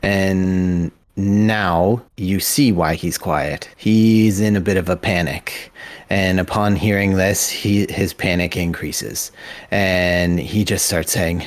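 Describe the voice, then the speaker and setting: A deep-voiced man runs a tabletop game as game master, narrating loosely and casually. The sound is dry and close. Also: takes it slowly, no echo.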